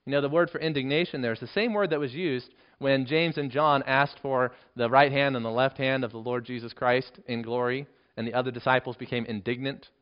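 A man preaching a sermon with earnest emphasis, dropping to a hushed voice for key points. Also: mid-range voice, steady tone, a little fast, few pauses, clean tone. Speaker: pastor. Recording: dull lo-fi sermon recording.

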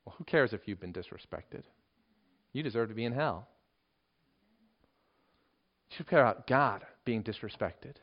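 A man preaching a sermon with earnest emphasis, dropping to a hushed voice for key points. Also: on the low side, expressive, normal speed, long pauses. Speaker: pastor. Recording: dull lo-fi sermon recording.

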